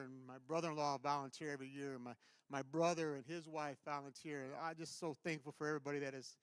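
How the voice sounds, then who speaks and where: A man with a fairly high, smooth and resonant voice tells an earnest church testimony. He stops and restarts often as his enthusiasm builds. The sound is close and dry. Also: a bit bright, no room sound. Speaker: church member giving announcements. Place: church sanctuary.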